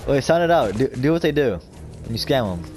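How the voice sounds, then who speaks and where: A man's voice: mid-range voice, brisk. Taunting gamer guy, game music behind. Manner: taunting, calm, bossy. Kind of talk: casual game chat.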